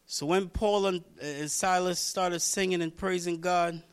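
A man preaching a sermon, reading scripture and repeating lines as he builds toward shouting. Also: high voice, fairly even intonation, measured pace, clean tone. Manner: reads scripture aloud, talks to congregation by name. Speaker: pastor.

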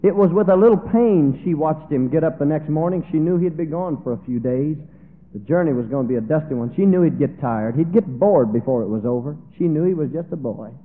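A man's voice: on the high side, fairly quick. A man preaching, telling a story in a dramatic, emotional way. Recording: tinny, phone-like echoey hall.

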